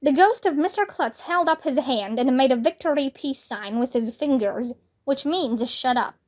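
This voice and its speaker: A woman reading a children's book aloud in a slow, clear and expressive way. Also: high-pitched. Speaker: storybook reader.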